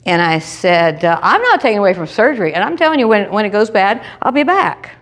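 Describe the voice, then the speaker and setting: A woman, telling a personal story to a live group and acting out every line of dialogue with big jumps in pitch. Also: big pitch swings, fairly quick. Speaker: presenter sharing a testimony.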